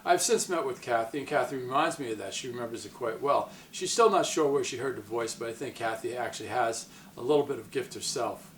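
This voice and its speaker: A man's voice: mid-range voice, a little fast, fairly bright tone, slight background noise. A man telling a personal story to camera in a casual, rambling way, often stopping and restarting, with a distant mic in an echoey room. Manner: rambling, self-interrupting, retells quotes in other voices. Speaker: psychic medium vlogger.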